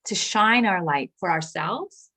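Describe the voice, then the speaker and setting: Slow, gentle woman minister reflecting aloud. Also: medium pitch, expressive. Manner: gentle, searching, with pauses and restarts. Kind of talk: reflective spiritual talk.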